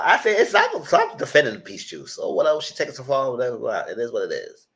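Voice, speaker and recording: Animated sassy man reviewing reality TV. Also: fast talker. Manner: animated, sassy, frequent squealing jumps in pitch when mimicking. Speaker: commentator reviewing a reality show. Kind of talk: casual live review chat.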